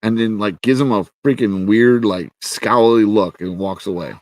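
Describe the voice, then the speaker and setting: A man's voice: fairly low pitch, moderate pace, a little mellow, no room sound. Exasperated man ranting about a show. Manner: profane, exasperated, heavy on fillers. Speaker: show reviewer. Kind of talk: casual ranting commentary.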